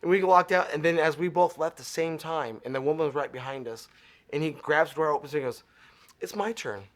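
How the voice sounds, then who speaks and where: A man's voice: fairly high pitch, fast. A middle-aged man from Arizona, a guest in an interview, telling stories in casual chat and acting out the voices in them. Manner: animated storyteller acting out dialogue.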